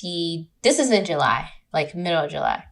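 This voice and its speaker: Profane, animated woman telling a story. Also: low-pitched, normal speed. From California. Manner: animated, profane, mocking impressions. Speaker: podcast guest. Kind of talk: casual storytelling. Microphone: remote recording.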